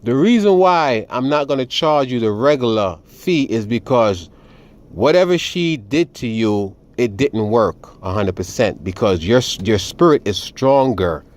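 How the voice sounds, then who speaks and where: A man voicing a calm male spiritual healer who gives instructions slowly and deliberately in broken English. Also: medium pitch, natural voice. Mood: instructive.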